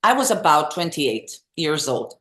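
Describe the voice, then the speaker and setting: Lowish woman telling stories. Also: unhurried. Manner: animated, expressive storyteller. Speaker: guest singer and vocal teacher. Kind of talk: casual interview storytelling. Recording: echoey room.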